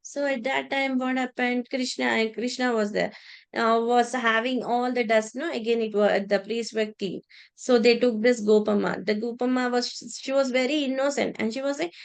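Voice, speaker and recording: A woman telling a devotional story in a religious class, halting with many restarts and repeated words. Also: on the high side, fairly even intonation, creaky, clean tone.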